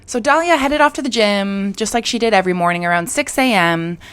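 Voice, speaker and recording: A woman's voice: mid-range voice, fairly quick, a bit bright, clear, resonant tone. A young woman hosting a true crime show. She retells the case in a casual, chatty way, full of "like" and "you know.".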